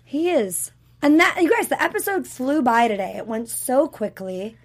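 A woman's voice: high-pitched, big pitch swings, moderate pace. A woman hosting a casual podcast chat, upbeat and chatty with plenty of fillers. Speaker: podcast host.

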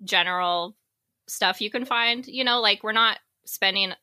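A woman's voice: medium pitch, a little slow, bright, forceful tone, dry recording, clean studio sound. A woman co-hosting a podcast in casual, rambling chat, full of fillers and jokes. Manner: rambling, filler-heavy, joking. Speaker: podcast co-host.

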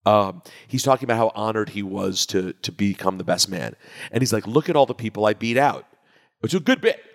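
A man's voice: fairly low pitch, a little fast. Man telling stories in an echoey room. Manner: animated, acts out quoted friends. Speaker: podcast co-host. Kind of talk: casual chat and storytelling. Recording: echoey room with long reverb.

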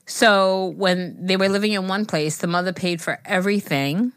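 A woman's voice: medium pitch, steady tone, normal speed, clean tone, no room sound, clean studio sound. A woman co-hosting a casual podcast, reacting with gasps and laughs. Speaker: podcast co-host.

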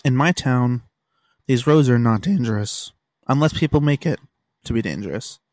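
A man's voice: medium pitch, moderate pace, a little mellow, no room sound. A young man hosting a casual solo podcast, telling stories in an exasperated way and swearing freely, recorded in a room at home. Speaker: podcast host.

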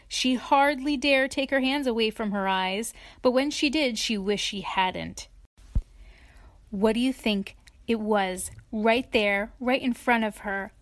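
A woman reading a children's story aloud in an expressive, playful way, adding asides to her listener. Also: mid-range voice, no echo.

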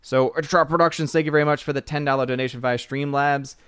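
A man hosting a live stream in casual chat, joking and talking in a slightly halting way. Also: mid-range voice, steady tone, fairly bright tone, smooth, dry recording, studio quality. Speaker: stream host.

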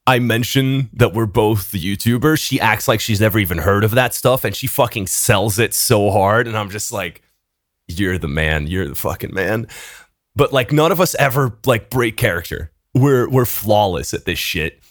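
A young man, a podcast co-host, telling an animated story in casual chat, swearing often and laughing between lines. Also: on the low side, normal speed, hardly any pauses, no room sound, studio quality.

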